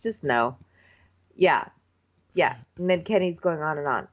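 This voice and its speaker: Female co-host, low pitch, muffled lo-fi recording; blunt, casual, swears freely. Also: expressive, unhurried, long pauses. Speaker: podcast co-host. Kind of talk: casual recap chat. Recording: dull lo-fi sound.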